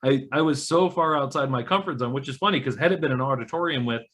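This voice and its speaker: A man hosting a casual chat recalls an experience in an easy, reflective way. His voice sits in a middle pitch, plain and unforced. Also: quick pace, fairly bright tone. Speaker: podcast host.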